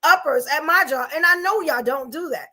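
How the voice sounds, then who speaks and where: Woman hosting a podcast. Very high, bright voice, insistent and pleading. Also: moderate pace. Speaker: podcast host. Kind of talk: heated panel debate.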